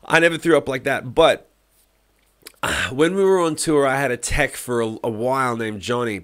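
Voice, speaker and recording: A man's voice: mid-range voice, lively intonation, moderate pace. Man telling rambling stories on a podcast. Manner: rambling, self-interrupting anecdotes. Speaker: podcast host. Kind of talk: casual storytelling chat.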